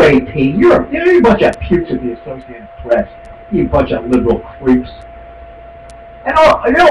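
A male radio talk show host delivering an angry, mocking monologue and hurling insults at his targets. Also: sits high. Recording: echoey, distant, with hum.

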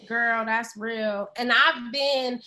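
High, bright-voiced woman talking openly. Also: fairly even intonation, slow pace. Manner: earnest, open, uses casual slang. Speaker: podcast guest. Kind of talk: casual podcast conversation.

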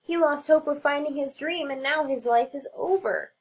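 A woman's voice: high voice, moderate pace, voice pushed up. A woman voicing a small, eager young male mouse in a storybook read-aloud, talking earnestly.

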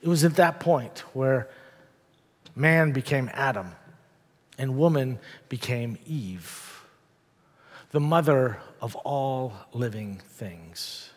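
A male pastor preaching a sermon in a church, telling the story with dramatic pauses and wry asides. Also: medium pitch. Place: church sanctuary. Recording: long church reverb.

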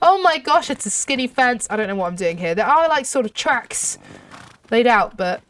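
A woman hosting a gaming channel, giving excitable let's-play commentary full of gasps and exclamations. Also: fairly high pitch, moderate pace, recorded from a distance. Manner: excitable, gushing, lots of exclamations.

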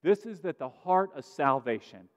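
Male pastor, high voice, earnest sermon delivery, slightly muffled recording in a reverberant sanctuary. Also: expressive, moderate pace. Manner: earnest preaching with rising emphasis and sudden drops to quiet. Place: church sanctuary.

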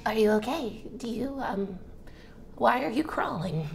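A woman's voice: fairly high pitch, animated, a little slow, creaky, faint music behind, voice pushed up. Woman doing a nervous rabbit-folk man. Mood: worried. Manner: hesitant, eager to please.

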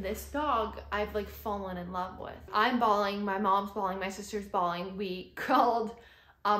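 A young adult woman vlogger tells a story in a casual, chatty way, leaning heavily on "like" as a filler. Her voice has a medium pitch and a fairly bright tone. The recording carries a roomy echo.

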